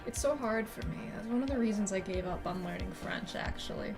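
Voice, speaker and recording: A woman's voice: medium pitch, fairly quick, gravelly, over music. Rambling swearing woman streamer. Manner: rambling, self-deprecating, swears freely. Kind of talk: casual live-stream chat.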